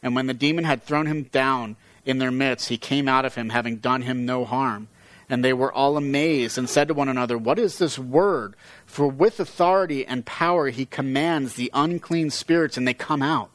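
Bible teacher, male, mid-pitched, dry studio-close voice, steady explanatory reads. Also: normal speed, dry recording, low-quality recording. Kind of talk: reading scripture aloud with commentary.

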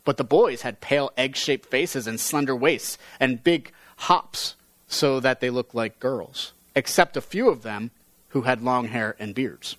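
A man reading a story aloud in a measured voice, then teaching on it earnestly. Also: medium pitch, a bit bright, no echo.

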